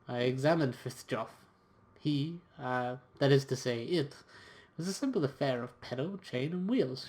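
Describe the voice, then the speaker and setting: Male gamer, casual let's-play; reads story text aloud, relaxed. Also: medium pitch. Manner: relaxed, reading narration with occasional quoted voices.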